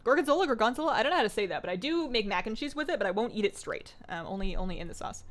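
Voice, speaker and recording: A young woman of Greek heritage streams a game, talking rapid-fire in a mid-range voice with big pitch swings. She's bubbly and rambling, chatting casually and reading chat aloud to answer viewers.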